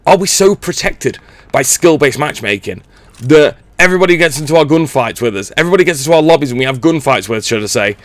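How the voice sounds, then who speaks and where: A man's voice: fairly high pitch, animated, fast talker, no room sound. A middle-aged man gives a blunt, sweary rant as gameplay commentary. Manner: sweary, blunt, exasperated ranting. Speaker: gaming channel host.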